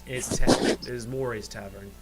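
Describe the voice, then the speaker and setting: Halting game master narrating. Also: male voice, mid-range voice, steady tone, over loud music, rough recording. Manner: halting, many fillers and restarts.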